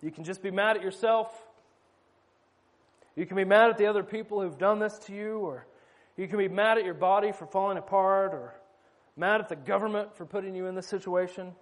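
A man preaching a conversational sermon with wry asides, slowing down for emphasis. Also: sits high.

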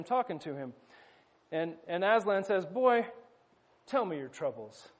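A man preaching a conversational sermon with wry asides, slowing down for emphasis. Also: high-pitched.

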